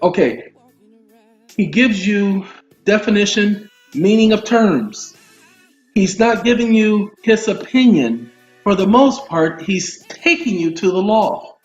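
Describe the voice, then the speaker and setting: Guy going over law texts for his viewers, kinda high voice, roomy dull sound, faint music behind. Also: takes it slowly. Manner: animated, addresses listeners as y'all, breaks off into asides. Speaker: legal commentary host. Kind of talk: casual talk reading and explaining legal text.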